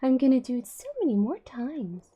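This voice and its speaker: A woman's voice: high voice, animated, moderate pace, mellow, breathy edge, lo-fi sound, pitched above the performer's own voice. A woman voicing her mischievous, unrepentant house cat in a fake-apologetic, gleeful way. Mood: mock-sorry.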